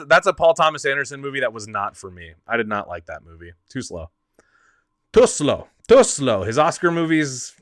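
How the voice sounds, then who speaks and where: A man's voice: medium pitch, sharp tone, no echo. A male host chatting casually about films, rambling, restarting his thoughts and laughing often. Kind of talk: casual movie talk.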